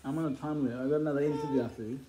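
A man playing a guest in a mock interview at home, answering with deadpan jokes and bravado. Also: medium pitch, rapid-fire, heavy background noise. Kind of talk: casual joking chat at home.

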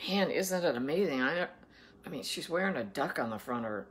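A woman's voice: deep voice, moderate pace, fairly bright tone. A woman from Ohio, reading the Bible aloud and breaking off for chatty, folksy asides and questions to her listeners. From Ohio, USA. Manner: chatty, asks listeners playful questions between verses. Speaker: daily Bible reader and host.

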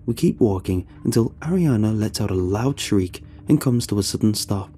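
A man narrating a scripted horror story in a slow, measured way. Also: fairly low pitch, animated, dark tone, faint music behind.

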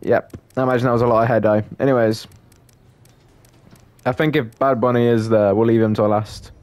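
A man's voice: medium pitch, fairly even intonation, a little fast, a little mellow, no echo. A man giving casual, joking let's-play commentary, laughing often and calling people mate. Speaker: gameplay commentator.

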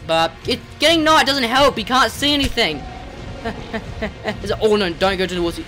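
A young man talks through his game in a high, bouncy voice that swings all over the place. He rambles and yelps at the creatures chasing him, with faint game music playing underneath. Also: lively intonation, normal speed, pushed and bright. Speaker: gamer. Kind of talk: let's play commentary.

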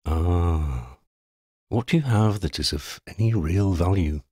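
A man reading a calm, deep-voiced, unhurried ferryman in an audiobook story. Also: breathy edge, dry recording, studio quality, exaggerated voice. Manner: calm, unhurried, gently amused. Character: tall thin mild-voiced ferryman, deep and musical.

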